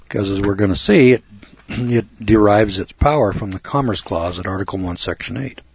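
A man's voice: fairly low pitch, moderate pace, creaky, a little mellow. A man giving an emphatic, preachy lecture on law, addressing his listeners as boys and girls and repeating words for weight. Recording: dull lo-fi recording.

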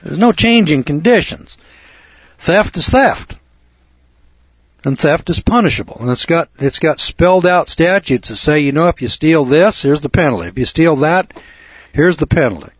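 Male lecturer, husky and emphatic, preachy tone, dry lo-fi recording. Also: on the high side, lively intonation, moderate pace, no room sound. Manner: preachy, emphatic, repeats himself. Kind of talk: lecture on law. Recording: dull lo-fi recording.

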